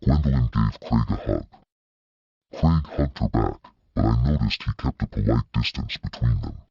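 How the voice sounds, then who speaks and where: A man's voice: very deep voice, lively intonation, normal speed, vocal fry, breathy edge, dry recording, muffled recording. A man narrating an audiobook in a dry, wry storytelling manner.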